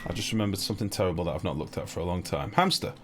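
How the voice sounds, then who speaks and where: A man's voice: deep voice, racing, noisy background. A man streaming a building game live, chatting casually, joking and answering his viewers' messages as he plays. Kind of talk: casual live gameplay commentary. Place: home streaming setup. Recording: game music underneath.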